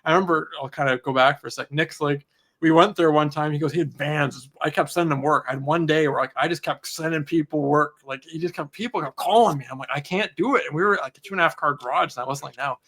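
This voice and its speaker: Fast-talking man telling stories. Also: fairly high pitch. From Canada. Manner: fast, animated, laughing storyteller. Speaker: podcast co-host. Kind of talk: casual storytelling chat.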